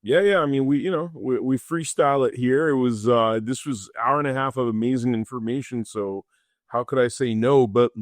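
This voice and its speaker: A man's voice: medium pitch, moderate pace, dry recording, clean studio sound. A man hosting a podcast interview, easygoing, laughing along and giving short affirmations. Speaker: podcast host.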